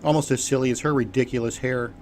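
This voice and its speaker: A man's voice: mid-range voice, steady tone, quick pace, darkish tone, a little hiss or hum, natural voice. A man voicing a rude, plump boy who speaks with scorn and boastful bluster. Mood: scornful.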